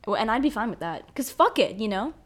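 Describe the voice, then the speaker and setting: A young woman with a fairly high voice hosts a solo podcast. She rants in a profane, animated, rambling way, swinging between loud outbursts and quiet asides. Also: fairly quick. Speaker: podcast host.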